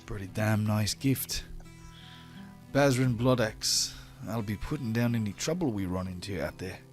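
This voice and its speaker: A man doing a gruff bearded dwarf warrior. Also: lowish voice, measured pace, faint music behind, voice pushed up, natural voice. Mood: curious. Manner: blunt, sizing up.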